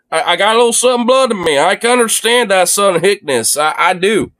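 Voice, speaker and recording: A man livestreaming his reactions from a phone, excitable and profane, laughing often. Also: sits high, fairly quick, hardly any pauses. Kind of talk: live reaction stream.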